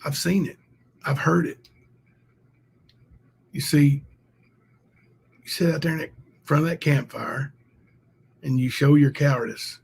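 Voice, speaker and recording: A man's voice: on the high side, slow, creaky, pauses often, a little mellow, slightly rough. A man hosting a casual livestream, thanking viewers and ranting heatedly. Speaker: livestream host.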